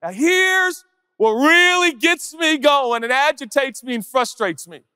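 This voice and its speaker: A male pastor preaching a sermon, animated and conversational, firing off rhetorical questions and chatty asides. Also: very high-pitched, measured pace, no room sound, clean studio sound, big-room sound.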